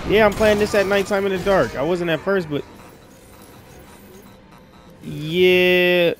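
Casual game streamer, male, high voice, slang-heavy commentary. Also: takes it slowly, soft background music. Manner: slangy, excitable, yelps when startled. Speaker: gaming streamer. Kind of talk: casual let's-play commentary. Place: dark room at night.

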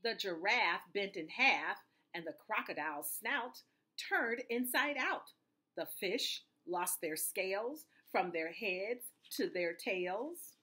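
A woman's voice: mid-range voice, expressive, takes it slowly, pushed and bright, slightly rough. A woman reading a rhyming picture book aloud in a sing-song storyteller manner.

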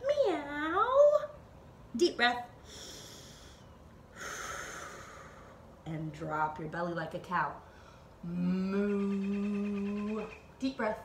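A woman teacher guiding children through a slow, playful yoga flow with animal sounds, recorded at home. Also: low-pitched, expressive, fairly bright tone, echoey room, slight background noise. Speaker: Montessori teacher leading kids' yoga. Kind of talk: gentle guided yoga instruction for children. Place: at home, dog nearby.

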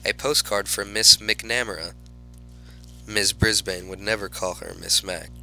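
Sharp-toned man narrating a storybook. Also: fairly low pitch, a little slow, creaky, faint music behind, rough recording. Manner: animated, lively exclamations. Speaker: audiobook narrator. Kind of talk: first-person storybook narration as a class pet hamster.

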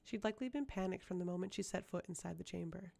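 Woman reading a fantasy audiobook, mellow dark voice, lots of vocal fry, steady pace. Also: fairly low pitch, quick pace. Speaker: audiobook reader. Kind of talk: audiobook narration.

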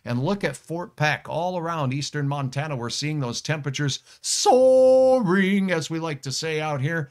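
A man's voice: a little high, moderate pace, hardly any pauses, fairly bright tone. A middle-aged man, a meteorologist, hosting a live weather stream in a folksy, jokey way, reading viewer comments aloud.

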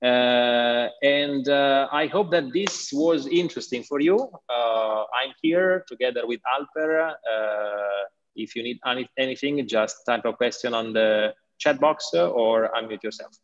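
A man's voice: medium pitch, measured pace. A man with an Italian accent giving an online school presentation, hesitant with many fillers. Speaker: school representative. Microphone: video call. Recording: dull lo-fi online call audio.

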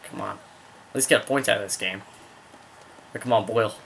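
Excitable young man commentating his hockey game. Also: fairly low pitch, a little fast, slight background noise. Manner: rambling, excited outbursts at plays. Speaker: gaming video host.

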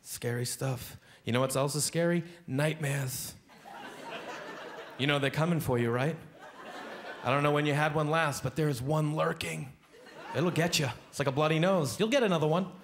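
A man doing a stand-up comedy set on a club stage, animated and jumping into high-pitched acted voices, with a handheld stage mic. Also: moderate pace. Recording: live club recording with audience noise. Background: audience laughter.

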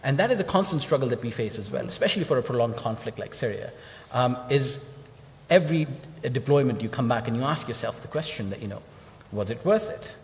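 A man's voice: mid-range voice, animated, brisk. A man journalist on a festival panel, speaking earnestly and emphatically, repeating points for weight. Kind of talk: panel discussion. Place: large festival hall. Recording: long hall reverb with faint noise.

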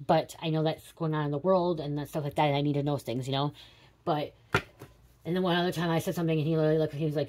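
A woman in her late thirties talks through a psychic reading in a low voice. She rambles quickly and confides, with casual swearing dropped in. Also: fairly even intonation, dark tone. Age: 30s. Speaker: tarot reader.

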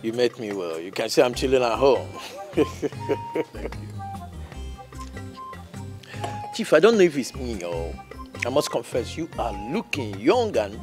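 A man's voice: medium pitch, sing-song, takes it slowly, pauses often. An actor playing a polite, composed married businessman, with film music behind. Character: businessman, faithful husband.

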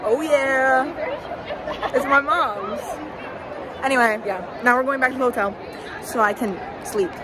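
A young woman chatting excitedly on a phone vlog, giggly and chatty. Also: high-pitched, unhurried, pauses often. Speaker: vlogger. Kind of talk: casual vlog chat. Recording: loud crowd and street noise.

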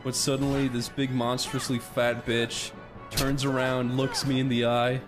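A young man chatting casually over a video game, telling stories and jumping into shouted voices when quoting people. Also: medium pitch, little pitch movement, measured pace. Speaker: let's play commentator. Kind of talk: casual gaming chat with storytelling. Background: game music.

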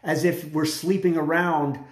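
Man, informal preacher, slangy, restarts, fairly high voice, echoey room. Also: fairly even intonation, a little slow. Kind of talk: informal sermon video.

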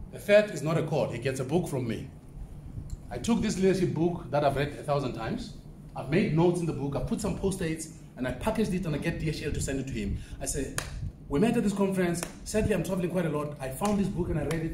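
A man's voice: sits high, darkish tone, recorded from a distance, slight background noise. A man from southern Africa giving a motivational business talk to a live audience, conversational and often asking the room questions. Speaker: keynote speaker. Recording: echoey room from off-mic.

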